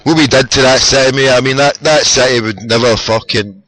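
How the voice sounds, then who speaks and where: A Scottish man telling football-trip stories in a sweary, excitable casual chat. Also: medium pitch, a little fast, rough recording.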